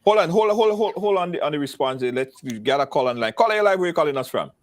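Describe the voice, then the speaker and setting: A man hosting a call-in talk show, laughing often and cutting in quickly. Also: fairly high pitch, expressive. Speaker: radio show host.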